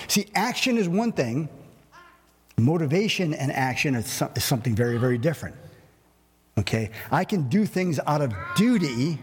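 A male pastor preaching a sermon in an animated way, acting out everyday scenes with humor. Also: medium pitch, husky, long reverb tail.

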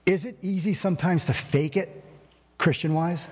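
A male pastor preaching a sermon in an animated way, acting out everyday scenes with humor. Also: sits high, normal speed, long reverb tail, a little hiss or hum.

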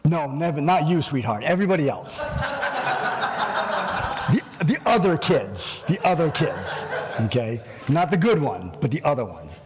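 A male pastor preaching a sermon in an animated way, acting out everyday scenes with humor. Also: fairly high pitch, moderate pace, big-room sound, background noise.

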